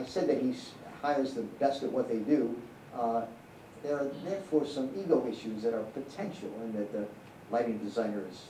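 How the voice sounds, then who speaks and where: A man answers audience questions in an echoey cinema hall, his voice mellow and warm. He rambles through candid anecdotes, restarting often, and the mic sits a bit away from him with faint hiss underneath. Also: medium pitch, far from the mic. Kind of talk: live Q&A answers.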